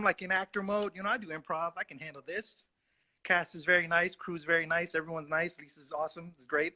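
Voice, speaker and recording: A man's voice: fairly high pitch, a bit bright. A male actor telling a rambling, self-mocking story in a casual livestream chat. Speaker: actor guest.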